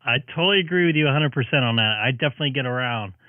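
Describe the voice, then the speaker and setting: A man's voice: medium pitch, expressive, very fast, no room sound. A man hosting a live ham radio stream, greeting a caller in friendly, chatty talk with many fillers. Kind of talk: casual radio chat. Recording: narrow phone-like radio sound.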